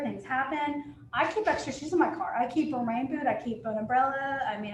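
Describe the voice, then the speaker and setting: Woman, high voice, chatty and candid, real estate agent, echoey room, faint hum. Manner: chatty, candid, quotes people in lively asides. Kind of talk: casual panel talk.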